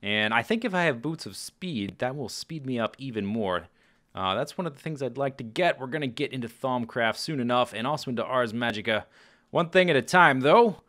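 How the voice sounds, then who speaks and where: This man, a Let's Play host, has a medium-pitched voice and a brisk pace. He gives loose, chatty commentary while playing, animated throughout and frequently chuckling or exclaiming at what happens in the game.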